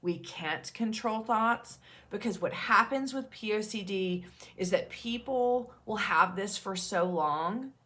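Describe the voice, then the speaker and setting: A woman in her thirties who advocates for OCD peer support speaks directly to the camera in a slow, bright, forceful voice of medium pitch. Her manner is earnest, reassuring, and emphatic as she addresses her viewers.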